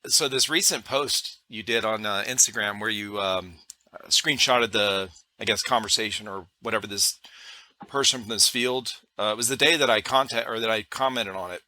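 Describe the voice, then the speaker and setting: A man's voice: fairly low pitch, moderate pace, sharp tone. A man hosting a podcast, asking rambling questions in casual chat and laughing often. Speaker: podcast host.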